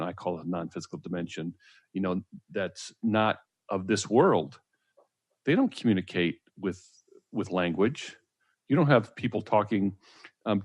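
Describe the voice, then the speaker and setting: A man's voice: fairly low pitch, no room sound. A man co-hosting a talk radio show, explaining earnestly with frequent fillers. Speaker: co-host.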